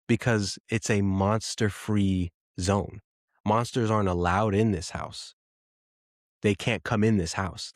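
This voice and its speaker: Rambling dad in his thirties, low and dry. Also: no echo. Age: 30s. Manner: rambling, self-correcting, quotes himself in a livelier voice. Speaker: podcast host. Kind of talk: casual storytelling monologue.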